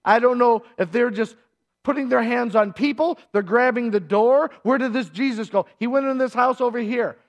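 High-voiced man preaching with animated delivery. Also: normal speed, lo-fi sound. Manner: animated storytelling, acting out voices and shouts. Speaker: pastor. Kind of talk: sermon.

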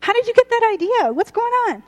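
A woman's voice: very high voice, big pitch swings, a little mellow, pitched above the performer's own voice. A woman voicing an exasperated mother trying to settle her child down. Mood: flustered. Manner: exasperated, hurried. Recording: roomy hall reverb.

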